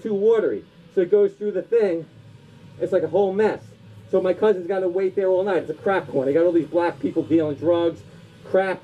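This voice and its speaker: A man, a comedian, telling loose, rambling anecdotes in a casual voice full of filler words. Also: high-pitched. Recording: dull lo-fi recording.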